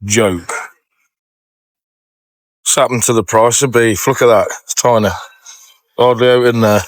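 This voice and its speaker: A man's voice: medium pitch, steady tone, unhurried, dry recording. Indignant man with a dry sound. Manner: indignant, sarcastic. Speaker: vlogger. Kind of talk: casual shopping vlog. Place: supermarket.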